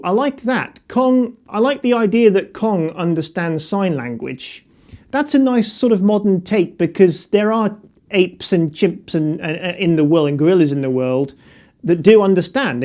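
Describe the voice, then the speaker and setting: A man's voice: a little high, darkish tone. A middle-aged man giving a casual, unscripted film review, talking hesitantly with many fillers and restarts.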